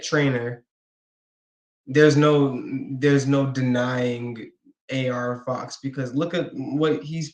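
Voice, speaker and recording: A man being interviewed as a guest, talking enthusiastically and restarting his sentences often. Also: medium pitch. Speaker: guest, pro wrestler. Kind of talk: casual interview chat. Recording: echoey room.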